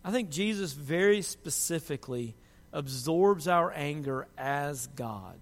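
A man preaching a sermon, moving from quiet reflection to loud, impassioned pleading. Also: fairly high pitch, lively intonation, measured pace, gravelly. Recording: long hall reverb.

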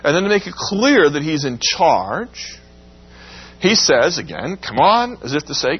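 A man teaching a Bible class, lecturing in a lively way and acting out quoted lines. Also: unhurried, husky, muffled recording. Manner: animated, acts out quotes with rising pitch.

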